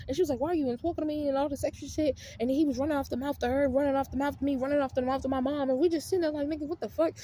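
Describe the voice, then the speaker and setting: A woman's voice: high-pitched, warm tone. A woman vlogger heatedly retelling a family fight in a profane, emphatic storytime rant.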